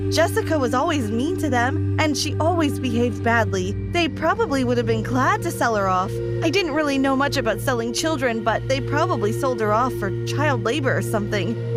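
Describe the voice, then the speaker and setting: A woman narrating a scripted first-person animated story in an expressive, dramatic way. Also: sits high.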